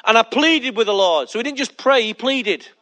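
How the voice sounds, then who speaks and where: High-voiced emphatic male pastor preaching. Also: expressive, moderate pace, bright, forceful tone. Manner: emphatic, repeats key lines, asks the congregation questions. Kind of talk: sermon.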